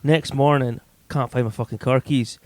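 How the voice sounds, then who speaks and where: A man's voice: mid-range voice, fairly even intonation, normal speed, dry recording. A man telling rowdy anecdotes on a podcast, swearing freely. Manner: swears freely, loose storytelling with acted quotes. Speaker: podcast co-host. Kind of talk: casual chat, anecdotes.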